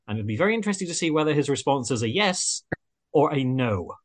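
A man's voice: fairly high pitch, big pitch swings, fast talker. A man hosting a panel chat, wordy and hesitant with many fillers. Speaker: host. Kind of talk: radio-style panel chat.

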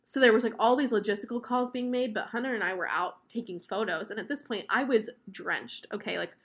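A woman's voice: on the high side, fairly quick. Young woman, casual storytelling, chatty, lots of fillers, gushing. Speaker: vlogger.

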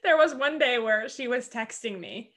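A woman's voice: on the high side, expressive, a bit bright. A young American woman in casual conversation, interviewing a teammate in a chatty way with lots of filler words. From United States. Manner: chatty, fast, many "like" fillers.

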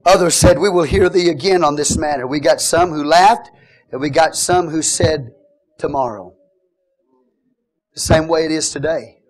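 A man preaching a Pentecostal sermon, moving between fervent shouted praise and quieter teaching. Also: fairly high pitch, moderate pace.

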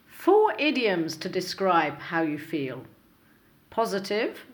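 A woman hosting an English lesson podcast, speaking slowly and clearly from a script, with exaggerated intonation in her examples. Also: lowish voice, wildly swooping pitch. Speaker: English teacher, podcast host.

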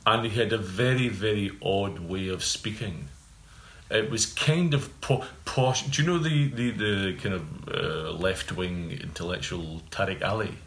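A man telling anecdotes in a casual interview, with halting restarts. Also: lowish voice, fairly bright tone. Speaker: writer guest. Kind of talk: casual chat. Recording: roomy with faint ambient noise.

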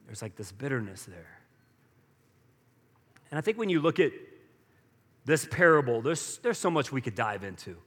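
A man's voice: mid-range voice, fairly bright tone, big-room sound. A man preaching a sermon as pastor, talking conversationally and acting out quoted lines with rising energy.

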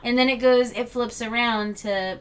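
A woman's voice: fairly high pitch, steady tone, moderate pace, clear, resonant tone. A woman co-hosting a casual chat, blunt, swearing freely and laughing often. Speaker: podcast co-host.

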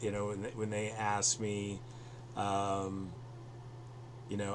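A man's voice: on the low side, completely flat delivery, slow, pauses often, noisy background. A man hosting a podcast over a video call, rambling with many fillers and restarts. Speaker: podcast host.

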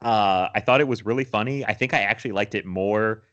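A man's voice: on the low side, a little fast, a bit bright, highs cut off. A young man co-hosting a podcast, chatting casually about movies, rambling with restarts and laughing often. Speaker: podcast co-host.

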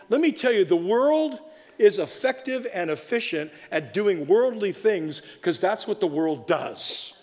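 A man preaching a sermon in a church, animated and exuberant, often repeating words in quick bursts. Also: extremely high pitch. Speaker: pastor. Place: church sanctuary. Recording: long reverb of a large room.

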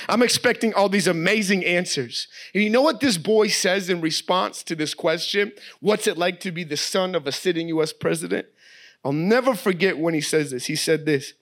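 High-voiced animated preacher man. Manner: animated storytelling, voices his daughter. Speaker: guest preacher. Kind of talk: sermon.

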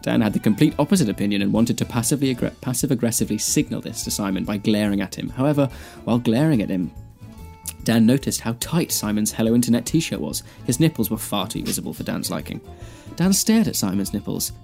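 A man's voice: fairly low pitch, lively intonation, fast talker, creaky, dark tone, faint music behind. A man co-hosting a podcast, reading a comic fan fiction aloud and laughing through the lines. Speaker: podcast co-host.

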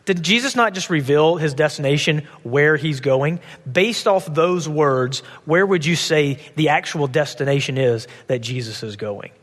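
A man's voice: on the high side, measured pace, hardly any pauses, a bit bright, in a large hall. A man preaching a sermon as pastor, often repeating words and asking rhetorical questions.

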